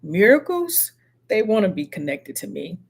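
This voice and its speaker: Earnest middle-aged woman giving slow affirmations. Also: mid-range voice, sing-song, slightly rough. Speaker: live-stream host. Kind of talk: motivational live-stream talk.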